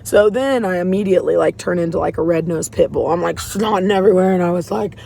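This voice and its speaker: A woman with a low, dark, creaky voice talks fast, with slight background noise behind her. She's a faith vlogger in a parked car in a parking lot, rambling a little as she shares her faith candidly and emotionally in a casual confessional vlog.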